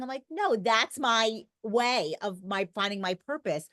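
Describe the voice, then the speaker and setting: A woman's voice: a little high, expressive, measured pace, a bit bright, dry recording. Talkative, emphatic middle-aged woman. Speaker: podcast guest. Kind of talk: conversational interview.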